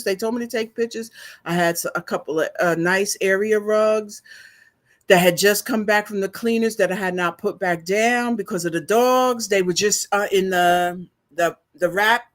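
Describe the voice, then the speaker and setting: An older woman, telling a story to her viewers in a slow, chatty, emotional way, teary and sniffling. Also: mid-range voice. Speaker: vlogger.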